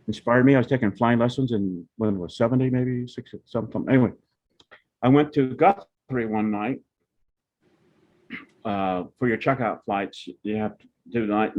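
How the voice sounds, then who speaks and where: An older man, a family elder, telling meandering personal stories to his relatives. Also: fairly low pitch. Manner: rambling, meandering anecdotes. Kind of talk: storytelling to family. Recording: dull lo-fi sound.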